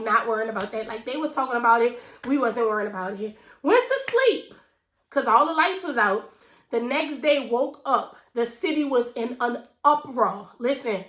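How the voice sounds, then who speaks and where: New orleans lady in her 30s telling her story to the camera, says y'all a lot, high voice, kinda echoey room. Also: fairly bright tone. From New Orleans, USA. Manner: emotional, conversational, addresses viewers as y'all. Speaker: finance vlogger.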